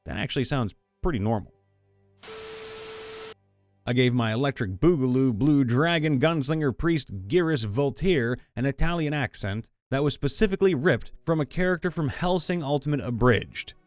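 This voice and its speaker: A man narrating viewer stories in a scripted voice-over, reading lively and sometimes slipping into put-on voices. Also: mid-range voice, normal speed, no room sound. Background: faint background music.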